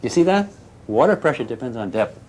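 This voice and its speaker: Lively older man teaching a physics class. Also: mid-range voice, fairly quick, background noise. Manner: lively, teasing, asks the class questions. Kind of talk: classroom lecture.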